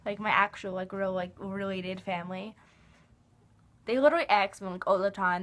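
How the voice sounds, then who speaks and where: A woman's voice: medium pitch, normal speed, fairly bright tone. Young woman rambling in a fan vlog. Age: young adult. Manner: rambling, emotional, heavy use of "like". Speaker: vlogger.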